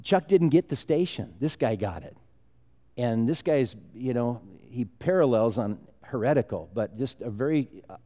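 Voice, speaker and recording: A man's voice: mid-range voice, mellow. A man preaching a sermon as pastor, talking conversationally with rambling asides and chuckles. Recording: long hall reverb.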